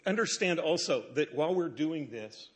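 Man, co-telling a church story with his wife, slightly higher voice, quick playful asides. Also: animated, rough recording. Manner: jokey asides, laughing as he talks. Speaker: co-speaker, the storyteller's husband. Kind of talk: chiming into a shared testimony.

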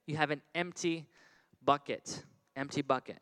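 A man preaching a children's sermon, animated and repetitive, calling out questions for kids to answer. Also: fairly high pitch, normal speed, low-quality recording. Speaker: children's pastor.

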